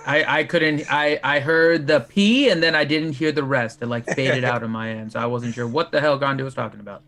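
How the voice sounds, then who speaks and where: A man's voice: medium pitch, a little fast, background noise. A man on a casual gaming stream, explaining strategy step by step. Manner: explanatory, talks through strategy.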